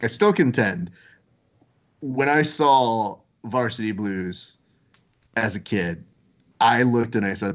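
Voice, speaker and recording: A man's voice: lowish voice, slow, pauses often, fairly bright tone. Joking man hosting a podcast. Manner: joking, teasing, runs the segments. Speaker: podcast host. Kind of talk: casual podcast chat. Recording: slightly dull lo-fi sound.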